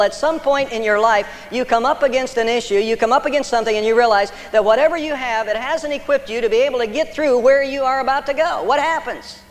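High-voiced man preaching in a hall. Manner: preaching with rising emphasis and long pauses. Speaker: pastor. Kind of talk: sermon.

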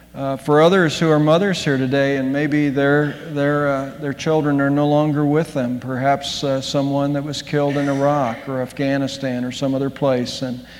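A man, a pastor, praying from the pulpit and then telling a story to the congregation, halting at times with restarts and fillers. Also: medium pitch. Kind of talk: pulpit prayer and sermon. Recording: echoey church hall.

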